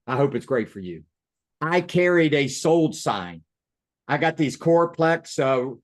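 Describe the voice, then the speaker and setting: A man giving a motivational sales coaching talk over a video call. He is emphatic, repeats his key phrases and speaks straight to his audience. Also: medium pitch. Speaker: real estate sales coach. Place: online meeting.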